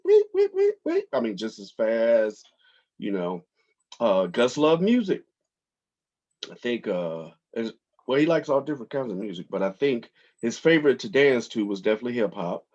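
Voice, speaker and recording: A man hosting his own podcast, telling relaxed stories from his home office with lots of fillers. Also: fairly low pitch, breathy edge, lo-fi sound. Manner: relaxed storytelling with frequent fillers. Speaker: podcast host. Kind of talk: casual monologue.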